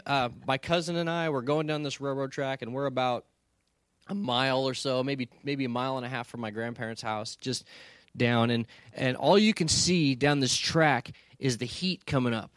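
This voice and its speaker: A man telling a lively story with many restarts, building toward a lesson. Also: medium pitch, normal speed, no echo, clean studio sound. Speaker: speaker. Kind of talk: storytelling sermon.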